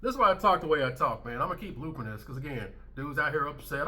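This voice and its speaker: A man with a bright, forceful voice sitting a touch high for a man delivers commentary on clips he is playing. He talks bluntly and emphatically, circling back to the same lines again and again to drive them home. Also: sing-song, quick pace, few pauses. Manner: blunt, emphatic, repeats his points. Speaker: commentary channel host.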